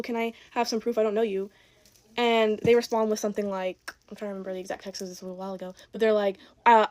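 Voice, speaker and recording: An eighteen-year-old woman rattles through a casual storytime at a quick clip. Her voice sits a little high, and she sounds exasperated as she quotes other people in her own voice. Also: a little mellow, a little hiss or hum.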